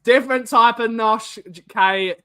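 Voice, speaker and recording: A man hosting a casual chat, telling jokey stories and reading out comments with quick restarts. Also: very high voice, steady tone, crowd noise. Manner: fast, joking storyteller with restarts. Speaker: podcast host.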